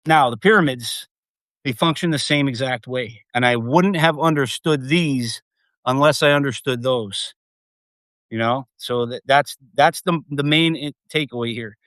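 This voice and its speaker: Man, mid-pitched, excitable rambling live streamer, casual swearing, dry untreated sound. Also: no room sound. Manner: rambling, excitable, swears freely, many fillers.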